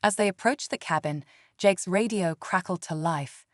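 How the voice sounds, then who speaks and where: Brief: female story narrator, steady and even, lowish voice, very dry close sound. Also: normal speed, dry recording.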